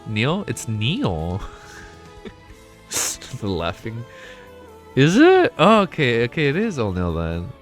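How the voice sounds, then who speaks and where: A young man streaming a casual reaction, excitable and swearing often, laughing between remarks. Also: mid-range voice, takes it slowly, pauses often, faint music behind. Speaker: streamer reacting to a web novel. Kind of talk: casual live reaction chat.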